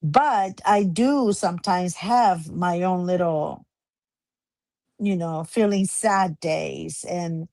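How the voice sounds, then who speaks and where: A woman co-hosting a podcast, speaking in a reflective, gentle way in a casual chat. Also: on the low side, no room sound. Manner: slow, reflective, laughs easily. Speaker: podcast co-host.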